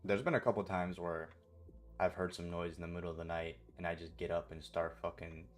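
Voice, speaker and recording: Deep-voiced young man, blunt and profane. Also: fairly even intonation, brisk. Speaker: trading streamer. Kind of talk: casual vlog monologue.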